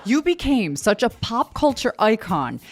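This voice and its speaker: A woman hosting an entertainment interview segment, asking questions and reading a lively outro. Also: fairly high pitch, measured pace, background noise. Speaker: entertainment show host.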